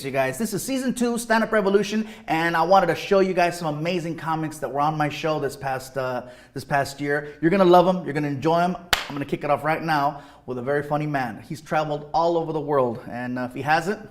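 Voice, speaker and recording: High-pitched comedian dude telling a story on stage, laughs a lot, echoey hall. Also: male voice. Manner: animated, laughs at his own lines, yells for effect. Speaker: stand-up comedian and host. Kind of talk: live stand-up storytelling. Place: comedy stage before a live audience.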